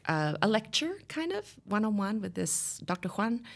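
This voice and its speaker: A woman's voice: mid-range voice, very animated, normal speed, vocal fry. A woman in her thirties telling her family's story in a podcast interview, earnest and rambling with many restarts.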